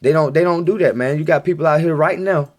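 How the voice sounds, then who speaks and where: A man's voice: a little high, fast, darkish tone. A man giving a casual, rambling monologue to his viewers in a home recording, insistent and repeating himself. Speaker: video blogger.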